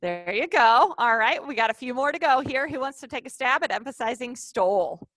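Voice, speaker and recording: A woman's voice: sits high, animated, brisk, fairly bright tone, no room sound. A woman leading a live online training session over a video call, upbeat and coaxing the participants.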